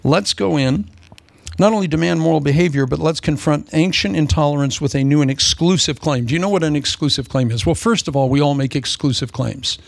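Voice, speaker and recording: A man preaching a humorous sermon, sarcastic and animated, slipping into mock voices. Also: a little high, brisk, creaky, dry recording.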